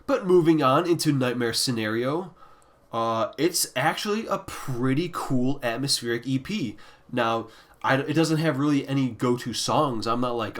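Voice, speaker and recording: A man's voice: mid-range voice, normal speed. Blunt, profane male music reviewer. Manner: trails off into quiet, deflated mutters. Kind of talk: casual ranking review.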